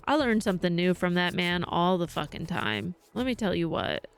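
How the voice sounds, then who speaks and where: A woman's voice: lowish voice, very animated, normal speed, clear, resonant tone, soft background music. A woman live-streaming, telling a rambling story in casual chat and swearing freely.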